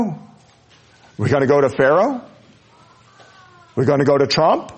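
Guy preaching, fairly high voice, goes quiet and low then builds up loud. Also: sing-song, normal speed, breathy edge. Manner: earnest preaching, swings from soft low asides to loud high peaks. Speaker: pastor. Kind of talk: sermon.

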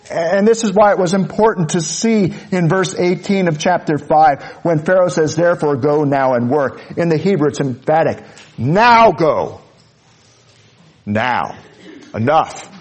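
A man preaching a sermon, earnest, dropping to soft low asides and rising to loud high peaks. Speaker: pastor.

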